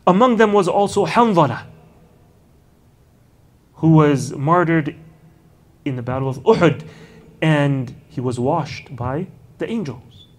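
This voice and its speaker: On the high side and expressive, a man's voice carries a slow-paced lecture on early Islamic history. He tells stories throughout, frequently adding Arabic honorifics and easygoing "you know" asides.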